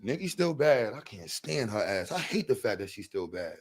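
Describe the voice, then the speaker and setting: A man hosting reaction commentary, animated and laughing, full of crude slang. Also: lowish voice, moderate pace, breathy edge, no echo. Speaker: commentary host.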